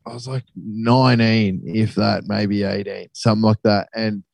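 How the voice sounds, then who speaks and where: A man's voice: on the low side, steady tone, moderate pace, creaky, a little mellow, dry recording. A young Australian man telling a travel story in casual, sweary chat. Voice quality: sweary, laid-back storytelling.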